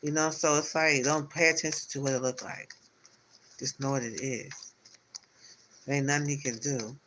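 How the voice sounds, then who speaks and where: A man with a medium-pitched, steady voice speaks at normal speed over a noisy background. As a tarot reader on a live stream, he offers a spiritual pep talk that wanders in loose, repetitive, encouraging circles.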